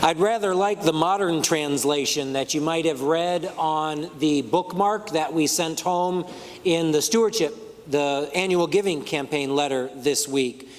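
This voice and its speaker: A male pastor preaching a sermon, measured and deliberate, shifting his emphasis on words for effect. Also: fairly high pitch, a little hiss or hum. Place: church sanctuary. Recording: long church hall reverb.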